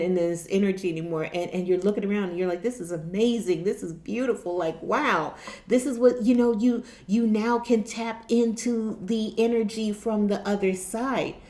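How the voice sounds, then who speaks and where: A woman's voice: mid-range voice, dark tone, roomy sound. A woman vlogger talking earnestly about spiritual awakening, often repeating herself and restarting her sentences. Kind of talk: casual spiritual talk to camera.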